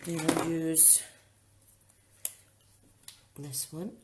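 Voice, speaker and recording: A woman's voice: sits low, flat delivery, drawn-out words, very noisy. A woman chatting casually and thinking aloud while demonstrating a card-making project. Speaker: craft demonstrator. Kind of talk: casual live-streamed craft demo.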